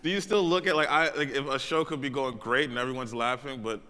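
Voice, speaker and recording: A man, a comedian on a conference panel, telling a rambling story in a relaxed, casual way. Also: medium pitch, quick pace, long reverb tail. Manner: laid-back, rambling, heavy on "like" and "you know". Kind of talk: casual onstage conversation, storytelling. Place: conference stage in a large hall.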